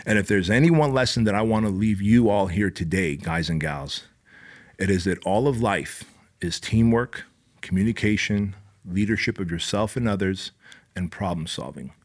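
A man's voice: on the low side, normal speed. A middle-aged man hosting a podcast, telling a motivational story in a profane, intense, preachy way. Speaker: podcast host.

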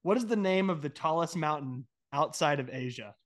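Podcast co-host, male, fairly high voice; laughs a lot, teasing, loose casual chat. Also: lively intonation, moderate pace, a bit bright. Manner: laughs often, giggly and teasing. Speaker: podcast co-host asking trivia.

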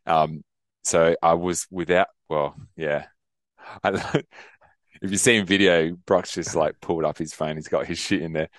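A man's voice: sits low, fairly even intonation, measured pace, no room sound, clean studio sound. A young man co-hosting a podcast, rambling through stories, laughing often and swearing casually. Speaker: podcast co-host. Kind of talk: casual chat.

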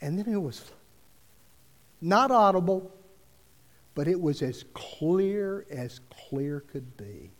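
A man tells a personal story from the pulpit, casual and conversational, with frequent restarts as he acts out each exchange. His voice sits a little high for a man. It rings out with a long hall reverb. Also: lively intonation, slow pace, long pauses. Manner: conversational, quotes dialogue with restarts. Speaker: preacher telling a story. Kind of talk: sermon storytelling.

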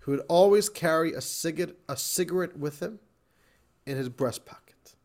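A man, a rabbi, teaching a class in a lively, animated way, often laughing and repeating phrases for emphasis. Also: a little high, normal speed.

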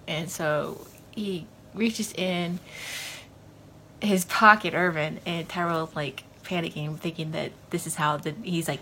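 A woman's voice: fairly low pitch, steady tone, unhurried, a bit bright, slight background noise. A woman hosting a podcast, giving a loose, casual recap of a TV episode with lots of fillers. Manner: rambling, loose, full of fillers like "you know". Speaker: podcast host.

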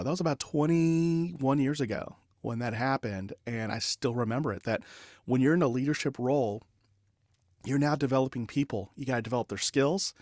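A man in his forties, a podcast guest and leadership consultant, telling an anecdote in a lively, conversational way with fillers. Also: medium pitch, no room sound, clean studio sound. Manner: animated anecdote telling with laughs and filler words. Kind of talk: conversational storytelling.

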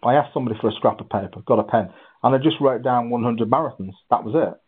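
Over a thin, phone-like connection, a guest who runs ultramarathons shares his story with animated energy. His voice is husky and medium-pitched, and he often stops and starts over.

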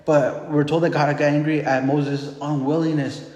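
A man's voice: a little high, flat delivery, moderate pace, a little mellow, dull audio. A man preaching a sermon, retelling scripture in casual everyday speech and acting out the voices of the people in it. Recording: echoey, reverberant hall.

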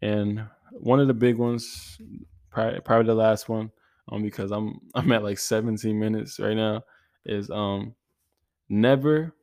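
Earnest young man, low flat voice. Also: creaky, dry recording, clean studio sound. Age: 20s. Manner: earnest, repetitive, slangy, many restarts. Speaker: podcast host. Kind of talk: casual motivational monologue.

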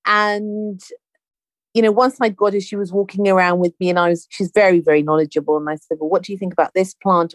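A woman's voice: fairly low pitch, dry recording. A woman telling a story in casual chat, acting out the dialogue as she goes. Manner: animated storyteller, acts out quoted dialogue.

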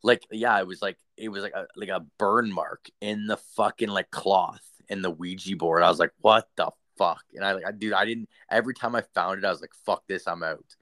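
Low-voiced man telling a rambling story. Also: fairly even intonation, a little fast, hardly any pauses, pushed and bright, no room sound. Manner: profane, rambling, filler-heavy. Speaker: storyteller guest. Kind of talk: casual ghost story chat.

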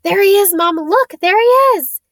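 A woman voicing an excited little girl who squeals with delight. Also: extremely high pitch, measured pace, no room sound, clean studio sound, voice pushed up, heavily acted.

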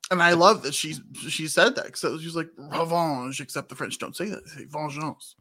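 Guy cohost, high bright voice, teasing, keeps restarting his sentences. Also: fairly quick, breathy edge. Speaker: podcast co-host. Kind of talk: casual chat.

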